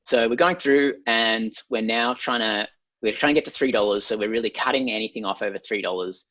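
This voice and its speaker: A man's voice: on the low side, fairly quick, no echo. A man with an Australian accent, a guest ad consultant, walking step by step through an ad setup on screen with frequent ums. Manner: steady, methodical, frequent ums. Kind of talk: explaining a screen walkthrough. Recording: slightly dull lo-fi sound.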